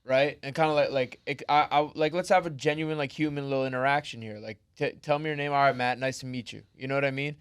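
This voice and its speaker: Slightly high, halting man podcaster. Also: steady tone, smooth. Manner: halting, restarting, many "like" fillers. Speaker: podcast co-host. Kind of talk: casual podcast chat.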